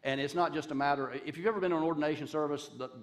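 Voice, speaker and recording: Guest pastor, male, fairly high voice, quick conversational sermon delivery. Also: steady tone. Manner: conversational, rambling with restarts.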